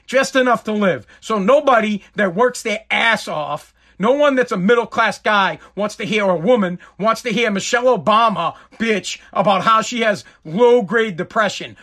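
A man delivering a heated, profane comedic rant as a show host. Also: high-pitched. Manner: profane, heated, animated ranting.

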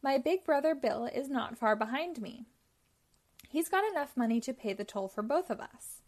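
A woman's voice: high voice, lively intonation, moderate pace. A woman reading as a cheeky scrawny little billy goat. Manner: gruff and cheeky. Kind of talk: reading a picture book aloud.

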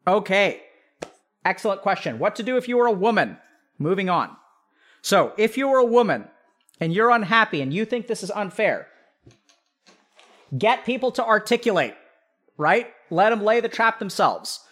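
High-voiced man giving animated advice. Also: normal speed, pauses often. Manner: animated, acts out imagined family members mid-sentence; frequent fillers "like" and "right?". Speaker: podcast host giving advice. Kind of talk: casual advice monologue.

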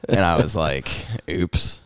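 A young man with a very deep, gravelly voice chats on a podcast, spinning long stories with lots of swearing. His pitch swings widely as he acts out the people in them. The sound is close and dry, with no room around it. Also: animated, normal speed, no echo. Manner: rambling storyteller, swears freely, acts out quotes. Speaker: podcast co-host. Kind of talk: casual chat. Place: room at home. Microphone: headset.

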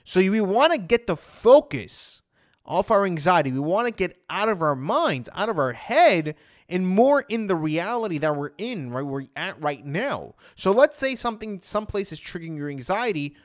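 A man's voice: sits high, very animated, moderate pace. A man talking casually as an anxiety coach, retelling his own past thoughts in a chatty way. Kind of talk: casual motivational talk.

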